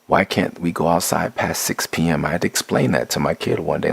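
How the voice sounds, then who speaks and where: Deep rough-voiced guy ranting hard, cussing a lot, dry close sound. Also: expressive, fairly quick, hardly any pauses, no echo. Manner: blunt and profane, restarts and builds to raised intensity. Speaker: rapper sharing his views. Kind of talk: impassioned spoken monologue.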